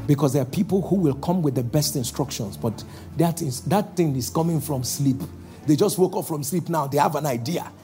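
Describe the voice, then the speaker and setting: A man preaching a sermon as pastor, calling out to the congregation and slowing down for emphatic lines. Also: fairly high pitch, faint music behind. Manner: calls out to the congregation, shifting between loud exhortation and slow emphatic lines.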